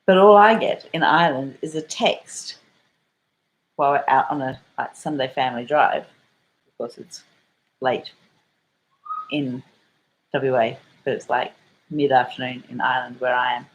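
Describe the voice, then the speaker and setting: A woman's voice: a bass voice, measured pace, long pauses, low-quality recording. An Australian woman telling a story in a casual vlog, rambling and swearing and full of fillers. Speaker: vlogger.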